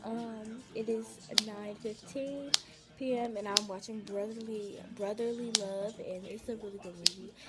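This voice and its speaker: A woman's voice: medium pitch, steady tone, normal speed, very noisy. A teenage girl, rambling casually with many fillers as she vlogs at home on a phone camera. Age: teens. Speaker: vlogger. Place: house and backyard.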